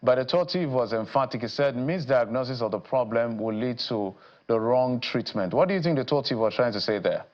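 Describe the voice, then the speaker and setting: A man's voice: mid-range voice, animated, a little fast, muffled recording. A man with a Nigerian accent hosting a TV panel, asking probing, pointed questions. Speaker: TV news host. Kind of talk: moderating a panel discussion.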